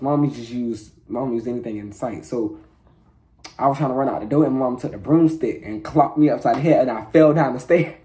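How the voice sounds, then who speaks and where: Teen boy vlogger, relaxed slangy storyteller, warm mellow voice. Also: mid-range voice. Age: teens. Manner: laid-back slangy storytelling, laughing at himself. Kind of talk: casual storytelling.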